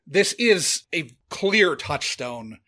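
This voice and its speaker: A man's voice: a little high, big pitch swings, very slow, pushed and bright. A man co-hosting a podcast in a casual movie chat, loose and filler-heavy with the odd swear. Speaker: podcast co-host.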